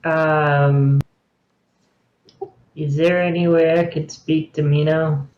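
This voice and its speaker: A man's voice: a little high, level tone, takes it slowly, lo-fi sound. A man playing a tabletop game, talking casually and hesitantly. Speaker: player.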